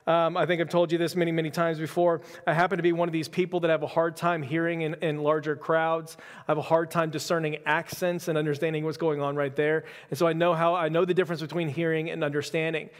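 A man's voice: a little high, level tone, quick pace. A man preaching a casual sermon, telling stories with easy, self-deprecating humor. His slightly raised voice rings out through a hall with a long reverb tail. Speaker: pastor. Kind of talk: conversational sermon.

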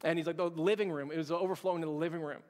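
A man's voice: a little high, fairly even intonation, very fast, a little mellow. A man preaching a sermon, telling a personal story in an earnest way, often restarting his sentences. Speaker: pastor. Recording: long hall reverb.

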